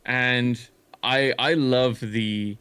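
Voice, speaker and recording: A man's voice: medium pitch, steady tone, very slow, sharp tone, smooth. A man telling a long story in casual chat as a streamer, rambling with frequent swearing and restarts. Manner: rambling, swears often, many fillers and restarts.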